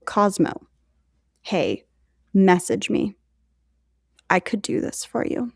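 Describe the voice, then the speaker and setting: Gravelly-voiced woman telling a history story. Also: medium pitch, very animated, takes it slowly, darkish tone, no echo, studio quality. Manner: chatty, jokey asides to co-host. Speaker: podcast co-host. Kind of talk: casual storytelling podcast.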